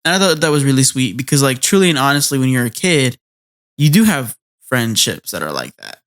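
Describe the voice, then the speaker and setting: A man's voice: medium pitch, big pitch swings, a little fast, a bit bright. A man co-hosting a casual anime podcast, rambling through episode recaps with lots of fillers and playful character impressions. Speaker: podcast co-host.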